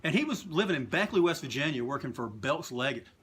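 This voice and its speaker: A man telling animated, profane stories as an interview guest, acting out what others said. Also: fairly high pitch, quick pace, slightly rough. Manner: animated, profane, acts out quotes in raised voices. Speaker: guest, longtime wrestling fan. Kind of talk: casual storytelling interview.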